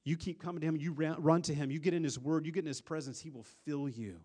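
A pastor preaching a sermon, earnest, with a voice that swells louder and then drops to a hush, often repeating words as he restarts. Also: fairly high pitch, fairly even intonation, fast talker. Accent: Upper Midwest American.

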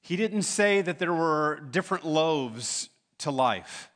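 A man's voice: fairly high pitch, animated, slow pace, fairly bright tone. A man preaching a sermon as pastor, emphatic, building to urgent pleas.

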